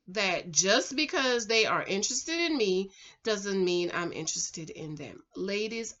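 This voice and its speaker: A woman's voice: a little high, sharp tone, lo-fi sound. Chatty Jamaican woman giving advice. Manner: chatty, addresses viewers as ladies and girl. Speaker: relationship advice vlogger. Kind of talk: casual storytelling to viewers.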